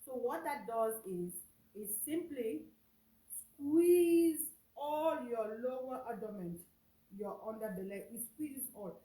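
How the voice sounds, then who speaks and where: A woman's voice: a little high, mellow. A woman giving a casual how-to demonstration at home, repeating her steps while squatting by a wall and sipping a drink. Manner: repetitive, instructive, talks while squatting and drinking. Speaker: wellness vlogger. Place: room at home, crouched by a wall. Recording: echoey room, voice from off-mic.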